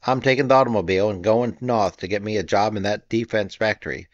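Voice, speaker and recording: A folksy, drawling working man, put on by a male reader. His voice sits low and dry, right on the mic. The recording is a little dull and muffled. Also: fast, no room sound, lightly acted. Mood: earnest. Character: poor Southern man, plain-spoken.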